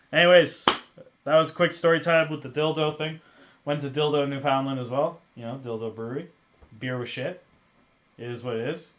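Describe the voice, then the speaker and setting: A man with a slightly high voice tells a road-trip story on his podcast, casual and profane. He drifts into mumbled asides, then flares into loud, drawn-out rants. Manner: profane, ranting, swings between mumbled asides and loud outbursts. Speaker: podcast host.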